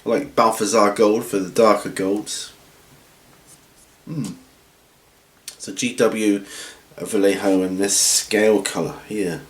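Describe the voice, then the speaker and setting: A man hosting a hobby channel from home, chatting casually through viewer questions in a rambling, relaxed way with lots of ums and restarts. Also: lowish voice, slow pace, pauses often. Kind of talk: casual Q&A chat. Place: at home, seated with feet up. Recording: roomy room echo.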